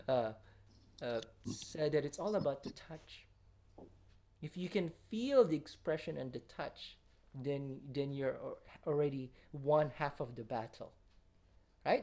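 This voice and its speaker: A woman piano teacher giving a masterclass, her pitch swinging up and down as she praises and sings phrases on nonsense syllables. Her voice sits a little low for a woman. A piano sounds faintly behind her. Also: darkish tone. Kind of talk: masterclass coaching.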